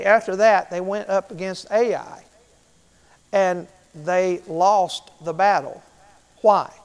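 A middle-aged man preaching a sermon as pastor, who asks the congregation questions and repeats key phrases. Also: sits high.

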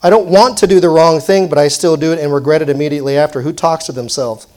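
A man's voice: fairly high pitch, fast, a little mellow. A man in his forties preaching a sermon in a conversational way, putting questions to the congregation and adding self-deprecating asides.

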